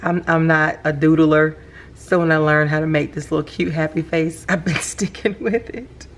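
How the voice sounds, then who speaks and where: A middle-aged woman, chatting casually about her hobby at home at night and gushing with excitement. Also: low voice, normal speed, a little hiss or hum. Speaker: planner vlogger. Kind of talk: casual show-and-tell vlog.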